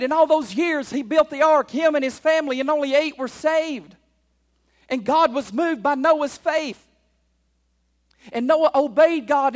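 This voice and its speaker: High-voiced man preaching a sermon. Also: big-room sound. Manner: call-and-response preaching, frequent "right?" and "amen?"; swings between loud declarations and quiet asides. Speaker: pastor. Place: church.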